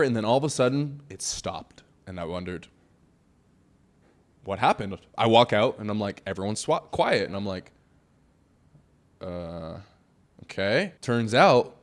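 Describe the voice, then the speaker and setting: A man with a mid-range voice tells a personal story in a casual, animated way. He is blunt and swears without hesitation. His pitch sits in a middle register. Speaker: reaction channel host.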